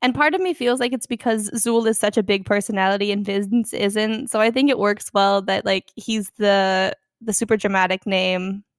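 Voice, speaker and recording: A young woman chatting casually about a film, animated and acting out quotes. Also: mid-range voice, normal speed, few pauses, dry recording, studio quality. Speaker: podcast co-host.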